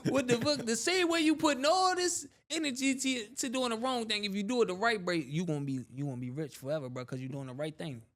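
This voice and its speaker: A man tells his stories as an interview guest, his speech thick with street slang and loose repetition. His voice sits a little higher than most men's, and he keeps things animated, swinging up and down as the story runs. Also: brisk. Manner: street slang, animated, often repeats "bro" and "you know what I'm saying". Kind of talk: casual storytelling.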